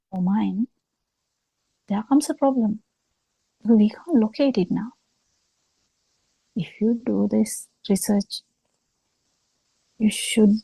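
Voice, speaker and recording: A woman gives a slow dharma talk over a video call, pausing often between phrases. Her voice is very dark, gravelly and somewhat husky, and the sound is dry and close. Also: medium pitch, no echo, poor audio. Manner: slow, halting explanation with frequent pauses. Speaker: Buddhist teacher.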